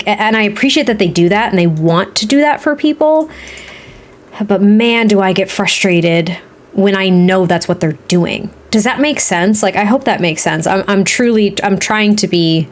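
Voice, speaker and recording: A woman with a Boston accent talks through a home build in a life-sim game, frank and chatty as she thinks out loud. Her voice sits at an ordinary middle pitch, and the tone is a relaxed streamer's running commentary. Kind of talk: casual gaming commentary while building.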